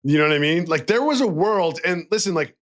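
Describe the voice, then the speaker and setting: A man's voice: on the high side, brisk. A man co-hosting a casual basketball podcast, talking animatedly and acting out what players might say. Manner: animated, acts out imagined player quotes. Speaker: podcast co-host. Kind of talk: casual sports chat.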